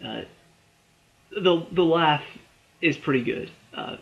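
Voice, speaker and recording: A man's voice: on the high side, takes it slowly, creaky. A young man casually reviewing a movie trailer, rambling and chatty with lots of fillers and restarts, sounding a bit tired. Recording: dull lo-fi recording.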